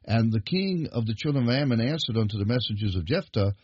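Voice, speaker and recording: A man's voice: mid-range voice, big pitch swings, a little fast, few pauses, darkish tone, husky, no room sound. A man preaching a sermon in an emphatic, building manner. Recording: dull lo-fi recording.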